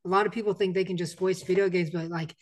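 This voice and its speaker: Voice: medium pitch, fairly even intonation, fast. A podcast host asks questions in casual interview chat, often restarting sentences.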